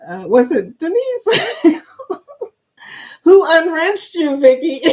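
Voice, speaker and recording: A woman's voice: very high voice, huge pitch swings, measured pace, darkish tone. A woman hosting a live stream chat, reading viewer comments aloud, laughing often and speaking. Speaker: livestream chat host.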